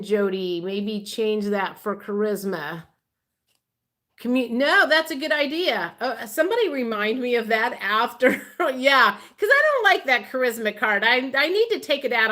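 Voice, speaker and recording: A woman's voice: a little high, fairly bright tone. A woman hosting a casual tarot livestream, chatting and reading viewer comments aloud, laughing often.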